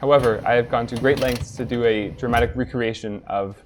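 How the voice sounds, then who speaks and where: A man's voice: medium pitch, brisk, background noise. Chatty young man narrating his week. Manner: relaxed, chatty, light chuckles. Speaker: vlogger, triathlete. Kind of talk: casual voice-over narration.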